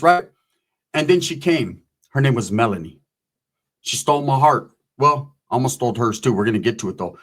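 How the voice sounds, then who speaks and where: A man's voice: a little high, brisk, a bit bright. A man casually telling a long, profane story, acting out the voices of the people in it. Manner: profane, rambling, acts out voices.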